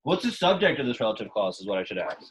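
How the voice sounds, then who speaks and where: A man's voice: mid-range voice, very animated, very fast, rough recording. Casual man teaching Latin. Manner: casual, chatty, asks the class questions. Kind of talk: classroom lecture. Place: classroom.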